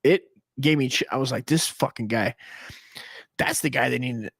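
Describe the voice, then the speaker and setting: A man in his forties from the United States who hosts a comedy stream and talks in a rambling, profane, excitable monologue full of restarts. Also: medium pitch, normal speed, creaky, slightly rough. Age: 40s.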